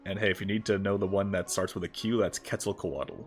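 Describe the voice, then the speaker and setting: A man with a low, deep voice chats casually through a game livestream. He jokes around and swears offhandedly as he plays. Faint music plays behind him. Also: steady tone, fairly quick. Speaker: VTuber game streamer. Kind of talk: casual gameplay livestream commentary.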